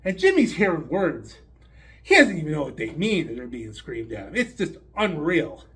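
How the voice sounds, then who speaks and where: A man in his fifties tells a long, rambling joke from a hotel room. His fairly high voice jumps around a lot as he acts out the story. He talks casually, with asides and restarts. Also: wildly swooping pitch, moderate pace, a bit bright. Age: 50s.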